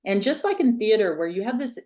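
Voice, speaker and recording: A woman's voice: medium pitch, sing-song, a little mellow. A woman hosting a podcast interview, talking casually and enthusiastically with her guest. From Hawaii. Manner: enthusiastic, quick to laugh along. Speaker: podcast host.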